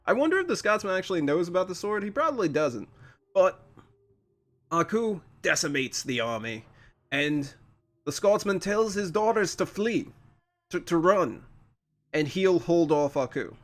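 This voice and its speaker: A man hosting a casual episode reaction review, chatty and quick with frequent laughs. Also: high-pitched, big pitch swings, a bit bright. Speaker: channel host.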